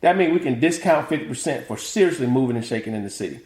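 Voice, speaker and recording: A man's voice: medium pitch, fast talker. A middle-aged man from the American South, chatting as an interview guest and acting out family quotes with frequent laughter. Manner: animated, acts out family quotes, laughs often. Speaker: guest, author and motivational speaker. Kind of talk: casual interview chat, storytelling. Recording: echoey room.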